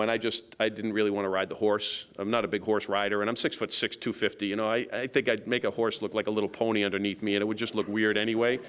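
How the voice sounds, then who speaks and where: A man's voice: on the low side, a bit bright, clean tone. A man, a county sheriff telling a story to a local meeting in a loose, rambling way with many restarts and a self-deprecating humor.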